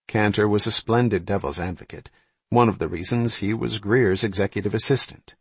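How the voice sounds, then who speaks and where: A man narrates a thriller audiobook in a steady, matter-of-fact read. His voice is fairly low with a husky edge, and the recording is dry and close. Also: brisk, no echo. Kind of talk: scripted narration.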